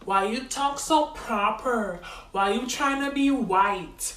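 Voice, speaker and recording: Woman doing a sneering female critic, drawn-out taunts, fairly high voice, echoey room, a little off-mic. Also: a bit bright, distant mic. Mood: mocking. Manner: slow, scornful taunting questions.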